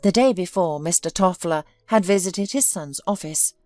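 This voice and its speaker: A woman's voice: on the low side, moderate pace, darkish tone, no room sound, soft background music. A woman telling a dramatic story in scripted narration.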